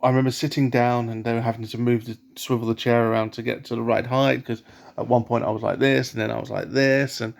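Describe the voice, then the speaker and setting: A man telling a personal story in a casual vlog, rambling with many fillers and restarts in a soft, self-conscious way. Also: medium pitch, level tone, quick pace, gravelly. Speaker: vlogger.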